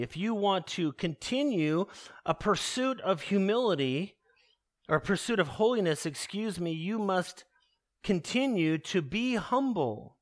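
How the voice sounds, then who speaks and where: A male pastor preaching a sermon, slowing down to stress key words and calling his listeners beloved. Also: high voice.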